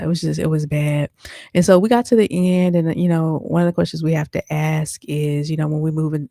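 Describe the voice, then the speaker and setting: A woman's voice: sits low, creaky, mellow, no echo, studio quality. A woman podcast host telling a personal story in a chatty, casual way, talking straight to her listeners with lots of fillers. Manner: chatty, addresses listeners as y'all, many fillers.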